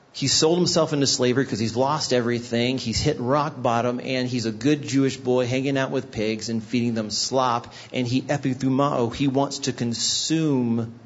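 A middle-aged man, a guest pastor, delivers a sermon in a husky, medium-pitched voice with the high frequencies cut off. He explains scripture and tells stories, voicing the people in them through asides.

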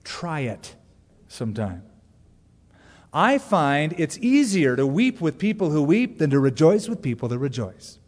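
A middle-aged man preaching a sermon as pastor, talking conversationally with sudden loud asides. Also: fairly high pitch, very animated, measured pace. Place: church sanctuary. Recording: long hall reverb from a church.

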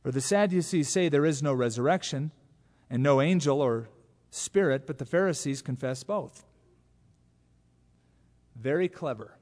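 A pastor preaching an expository sermon, animated, acting out quotes from scripture in different voices. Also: male voice, medium pitch, measured pace, pauses often. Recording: long hall reverb.

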